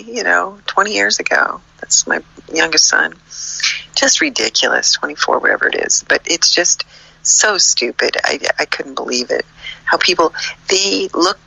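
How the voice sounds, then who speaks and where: Older woman, casual co-host, frank and indignant, bright gravelly voice, dry close sound. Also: mid-range voice, no room sound, low-quality recording. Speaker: podcast co-host. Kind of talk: casual chat.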